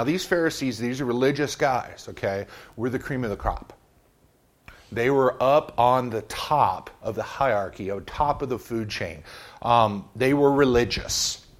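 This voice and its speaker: A man preaching a casual Bible lesson, reading verses and adding humorous, conversational asides. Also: medium pitch. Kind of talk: joking Bible teaching.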